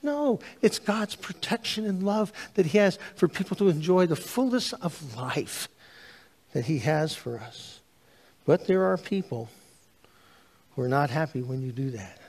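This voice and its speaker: Pastor in an echoing church. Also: male voice, on the high side, measured pace, husky. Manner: animated storytelling, acts out dialogue. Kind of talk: sermon. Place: church sanctuary. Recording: long hall reverb.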